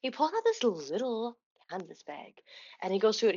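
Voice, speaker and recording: A woman's voice: medium pitch, normal speed, husky. Young woman vlogger, casual storyteller, muffled phone-style audio. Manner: chatty, animated retelling with quoted dialogue and laughs.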